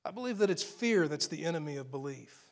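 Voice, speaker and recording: A man preaching a sermon, retelling a scripture story with emphatic repetition and dropping to a hushed near-whisper for quoted lines. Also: fairly high pitch, animated, fairly quick.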